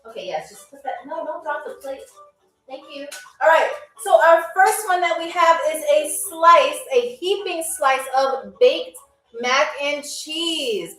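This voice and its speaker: A woman's voice: high-pitched, unhurried, fairly bright tone, recorded from a distance. Woman game show host, chatty and playful, faint music behind, roomy echo. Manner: playful, chatty, addresses viewers as y'all. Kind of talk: live-stream game show hosting.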